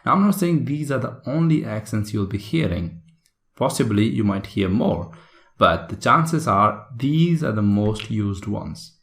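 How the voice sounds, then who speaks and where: Gravelly man teaching, echoey room. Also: on the low side, animated, unhurried, fairly bright tone. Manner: chatty, frequent tag questions like "right?" and "okay?". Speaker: IELTS instructor. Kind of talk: recorded online lesson.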